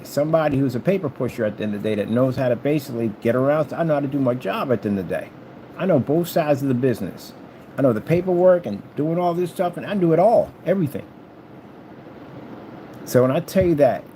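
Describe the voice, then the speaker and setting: A man's voice: mid-range voice, dark tone. Taunting man over air conditioning hum. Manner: taunting, repeats stock phrases, hums while typing. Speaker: YouTuber addressing a rival. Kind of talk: rambling confrontational monologue.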